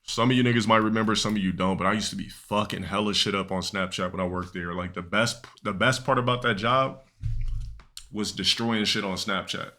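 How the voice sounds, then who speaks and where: A man's voice: fairly low pitch, fairly even intonation, brisk, pushed and bright. A young man streaming live, telling a long, rambling, profane story to his chat with many restarts and fillers.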